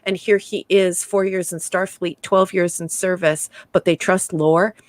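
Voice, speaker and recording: A woman's voice: on the low side, measured pace, no room sound. Chatty woman reviewing from her notes. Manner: animated, laughs often, reads from notes. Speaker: podcast co-host. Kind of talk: casual review chat.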